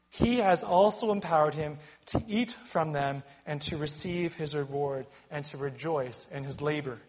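A man preaching a sermon with emphatic delivery, building to loud warnings and dropping to quiet reflection. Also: fairly high pitch.

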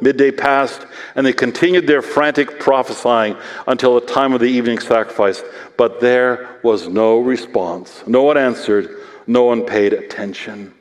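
Male pastor, mid pitch, earnest conversational sermon delivery, long hall reverb. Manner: earnest, reads scripture aloud then explains it conversationally.

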